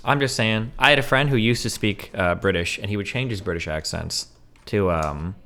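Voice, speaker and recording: A man's voice: on the low side, moderate pace, bright, forceful tone. A man streaming, casually debating and teasing his guest with sarcastic, provocative banter.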